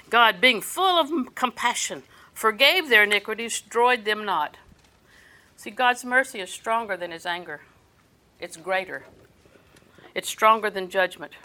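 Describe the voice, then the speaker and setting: An older woman preaching a sermon, folksy and storytelling, often dropping her voice soft. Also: mid-range voice, low-quality recording.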